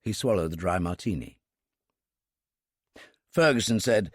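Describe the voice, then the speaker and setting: A male audiobook narrator telling a thriller in a measured way, his pitch moving lively up and down. The recording is close and dry, with no room around it. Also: dry recording. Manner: measured storytelling.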